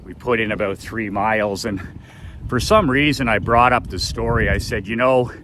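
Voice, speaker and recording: A man telling a personal story in an unhurried, reflective way, often repeating words. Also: on the low side, pushed and bright, slight background noise, rough recording.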